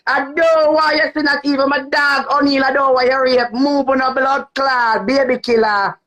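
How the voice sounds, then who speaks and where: A woman's voice: sits high, fairly even intonation, normal speed, hardly any pauses, fairly bright tone, rough recording. A woman with a Jamaican accent on a live stream, hurling insults and repeating herself for emphasis. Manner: insulting, cursing, emphatic repetition. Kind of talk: heated live-stream rant.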